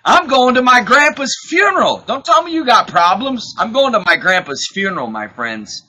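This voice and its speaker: Excitable high-pitched man telling stories. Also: moderate pace, low-quality recording. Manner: excitable storyteller, acts out quotes, laughs often. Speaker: podcast host. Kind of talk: casual chat, animated storytelling.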